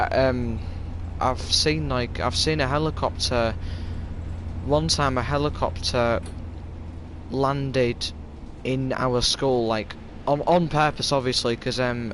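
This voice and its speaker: A man's voice: medium pitch, fairly even intonation, slow pace, a bit bright, a little hiss or hum, low-quality recording. A young man with a Yorkshire accent chatting casually on a game live stream, rambling through stories in a stop-start way.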